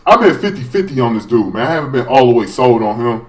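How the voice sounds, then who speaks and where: A man giving a casual, profane sports rant as a fan vlogger, rambling and excitable with many restarts. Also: mid-range voice, quick pace.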